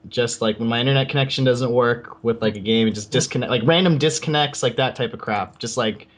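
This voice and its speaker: A man's voice: mid-range voice, a little fast. A young man co-hosting a gaming podcast, venting in a rambling way with lots of "like" fillers. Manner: rambling, heavy use of "like", frustrated venting. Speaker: podcast co-host. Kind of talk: casual gaming chat.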